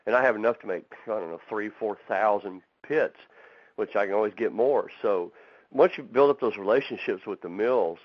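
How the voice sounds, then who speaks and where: A man's voice: lowish voice, moderate pace, no echo. A man who owns a fab shop and builds barbecue pits, talking in a casual interview as a folksy storyteller. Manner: folksy storyteller, acts out quotes. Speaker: barbecue pit maker and fab shop owner. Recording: dull, lo-fi, dry.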